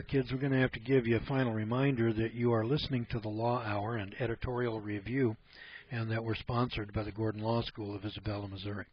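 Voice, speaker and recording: A man's voice: medium pitch, husky, highs cut off. Folksy blunt man hosting a radio talk. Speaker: radio show host. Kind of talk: casual radio commentary.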